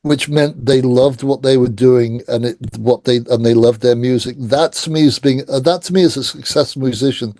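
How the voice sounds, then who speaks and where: Middle-aged male guest, animated raconteur, dark mellow tone, dry sound. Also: mid-range voice, normal speed, hardly any pauses, no echo. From England. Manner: animated anecdotes, acts out quoted voices. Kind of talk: casual storytelling interview.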